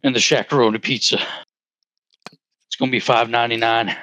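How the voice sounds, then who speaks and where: A man doing a low, lazy impression of a big retired male basketball star. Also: steady tone, a little fast, bright, forceful tone, no echo, close to an everyday voice, rough recording. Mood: laid-back.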